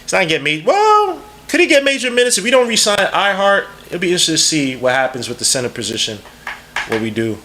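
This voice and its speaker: A man hosting a podcast and giving live, rambling, slang-heavy draft commentary. He is excitable and jumps quickly from one thought to the next. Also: high voice, a little hiss or hum. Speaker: podcast host.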